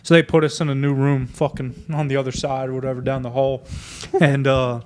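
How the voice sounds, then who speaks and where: A man's voice: mid-range voice, little pitch movement, fairly quick, smooth. A young man telling a casual, profane story with plenty of laughter, acting out the voices of the people in it. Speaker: podcast co-host.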